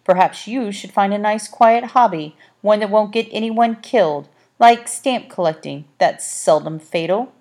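A woman's voice: mid-range voice, measured pace, hardly any pauses, a little mellow, pitched above the performer's own voice. Horatio, a woman playing a haughty brusque tomcat. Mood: dry, haughty. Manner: dry, clipped, condescending.

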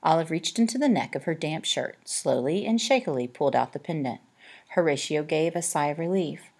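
A woman narrating an audiobook in a measured, expressive way. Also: low-pitched, slightly rough. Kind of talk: scripted narration.

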